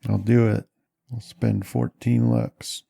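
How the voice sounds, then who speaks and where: A man's voice: medium pitch, flat delivery, slow, vocal fry, warm tone, husky. A man playing a tabletop horror game, playful and joking in character, over an online call. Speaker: player.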